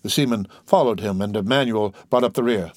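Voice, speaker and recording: A man with a lowish voice narrates a classic novel as an audiobook reader, delivering the scripted text evenly and steadily at a fairly quick pace. The recording has no audible room sound.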